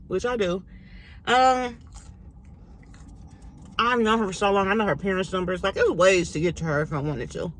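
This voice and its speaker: A young woman vlogging casually to camera from her car, speaking candidly and emotionally with animated swings in pitch. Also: slight background noise. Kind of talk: casual chit-chat to camera.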